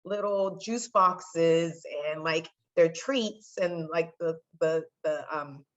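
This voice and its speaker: A woman's voice: lowish voice, slow pace. Chatty woman on slightly muffled audio. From California, United States. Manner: chatty, acts out other people's voices in quotes. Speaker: podcast guest, sports marketer. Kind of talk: casual storytelling interview.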